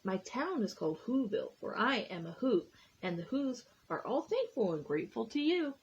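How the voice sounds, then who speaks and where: A woman's voice: on the high side, sing-song, normal speed, muffled recording, slight background noise. A woman voicing a tiny, friendly male town mayor in a storybook, speaking earnestly and gratefully.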